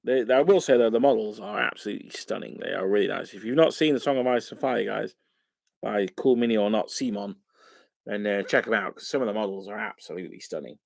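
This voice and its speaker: A man talks through a casual live stream in a loose, rambling way, with lots of fillers. His voice has a gravelly, creaky edge. The sound is dry and close, with no room echo. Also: lowish voice, quick pace, a little mellow. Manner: rambling and chatty, many fillers. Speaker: wargaming channel host. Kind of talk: casual live-stream chat while painting miniatures.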